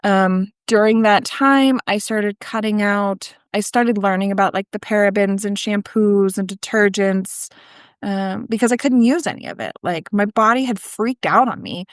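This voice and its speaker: A woman of mid-range pitch tells her own story as a podcast guest, loose and conversational, dotted with ums and likes and quick restarts. The recording is dry and close, with almost no room sound. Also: dry recording. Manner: conversational, frequent ums and likes, self-correcting. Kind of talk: candid personal storytelling.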